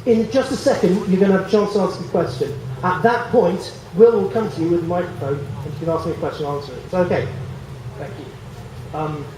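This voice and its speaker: Man, street preacher, animated, joking, distant echoey sound. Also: high voice, a little hiss or hum. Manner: animated, jokey, acts out biblical voices. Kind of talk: outdoor evangelistic talk. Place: outdoors in a public square. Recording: echoey from far off.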